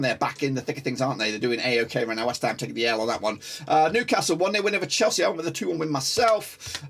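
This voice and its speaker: A man hosting a football predictions show, talking to his viewers in loose, excitable chat. He brags loudly about his own results, then drops to quiet mutters, with a lively, bouncing pitch that sits a little high for a man. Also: husky. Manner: boastful, hyped, swings between loud gloating and quiet muttering. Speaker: football prediction channel host.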